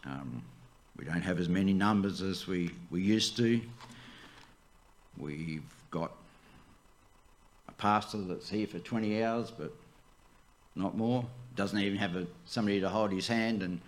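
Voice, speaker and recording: A man, the church's pastor, preaching a sermon, swooping up high for emphasis and dropping to a near hush. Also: a little slow, long pauses.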